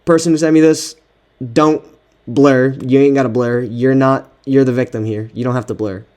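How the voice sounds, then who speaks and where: A man's voice: medium pitch, fairly even intonation, normal speed, a little mellow. A man giving casual reaction commentary on text messages he is reading, exasperated and slangy, swearing often. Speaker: content creator.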